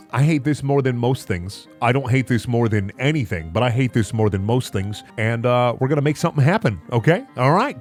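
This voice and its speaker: A man doing comedic reaction commentary, mock-outraged and stammering over repeated words. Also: medium pitch. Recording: faint background music.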